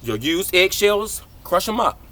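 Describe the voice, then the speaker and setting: Man in his forties, high voice, bright tone, exuberant and affectionate, outdoor gardening vlog. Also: a little slow. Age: 40s. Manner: exuberant, affectionate, very animated, lots of catchphrases. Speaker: gardening channel host. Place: outdoors in a garden, hot day.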